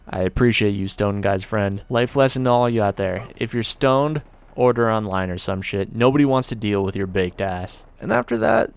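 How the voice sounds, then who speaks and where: A young man casually telling a story from his job, relaxed and conversational, with casual swearing. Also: lowish voice, gravelly, clear, resonant tone. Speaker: storyteller, video creator.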